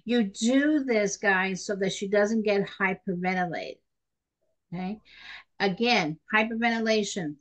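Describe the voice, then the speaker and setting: A middle-aged woman teaching a nursing class in a chatty, animated way, talking straight to her students. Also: mid-range voice, a little slow, rough recording. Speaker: nursing instructor. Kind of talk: recorded classroom lecture.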